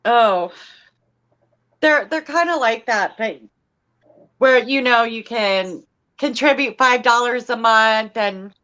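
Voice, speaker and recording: A woman co-hosting a live crochet show, chatting casually and slowly searching for her words. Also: fairly high pitch, bright, forceful tone, highs cut off. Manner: slow and searching for words, with fillers. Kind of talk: casual live-stream chat.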